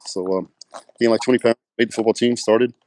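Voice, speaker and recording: A middle-aged West Texas man with a Texan accent, guesting as a pro bodybuilder in a casual interview, speaks at medium pitch with fairly even intonation, a darkish tone, and a slightly fast pace. He tells rambling, filler-filled anecdotes and acts out quoted dialogue, with no room sound.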